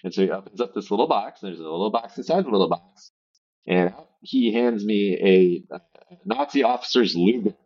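A man's voice: lowish voice, animated, fairly quick, gravelly, a little mellow, highs cut off. A man on a remote podcast call, telling a rambling story in casual chat with swearing and fillers. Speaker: podcast co-host.

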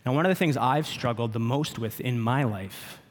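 A man's voice: mid-range voice, normal speed. A man in his thirties, a pastor preaching a sermon in an earnest, personal way. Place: church sanctuary. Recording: reverberant church hall.

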